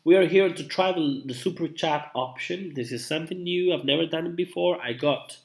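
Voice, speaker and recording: A man's voice: a little high, normal speed, gravelly. A young man, feeling unwell, chatting loosely to viewers on a live stream, rambling with many fillers and restarts. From Italy. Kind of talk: casual live-stream chat.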